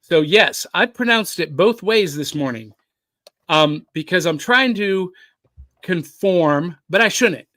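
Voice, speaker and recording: A man's voice: high-pitched, animated, takes it slowly, pushed and bright, no echo. A man hosting a podcast on a live stream, chatting casually and reading viewer comments aloud. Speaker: podcast host.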